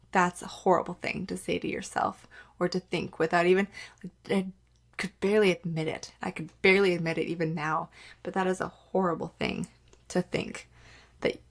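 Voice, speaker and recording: A woman hosting her own podcast, talking candidly in a casual, conversational way, full of "like" and acting out the things she once said. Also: lowish voice. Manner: candid, conversational, many "like" fillers, acts out her own past remarks. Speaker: podcast host. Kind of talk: casual solo podcast monologue.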